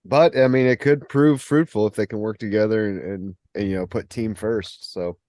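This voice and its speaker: A man co-hosting a casual podcast, making laid-back, measured remarks. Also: fairly low pitch, fairly even intonation, a little mellow, dry recording, studio quality. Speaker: podcast co-host. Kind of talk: casual chat.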